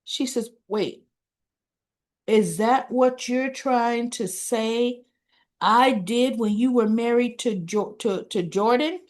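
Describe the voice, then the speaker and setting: Woman, soap recap host, casual chat, slightly high voice, acts out the quoted lines. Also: slow. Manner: animated retelling, acting out quoted lines.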